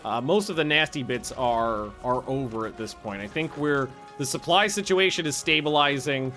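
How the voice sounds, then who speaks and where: A man casually commenting on his own strategy game play, excitable, swearing freely and thinking aloud with restarts. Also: medium pitch, moderate pace, soft background music. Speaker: gaming video host.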